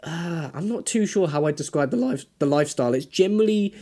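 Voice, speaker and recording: A man's voice: on the high side, lively intonation, quick pace, warm tone. A young adult man from England with an English accent, a podcast guest who talks hesitantly with many fillers and restarts and laughs often. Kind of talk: casual interview chat.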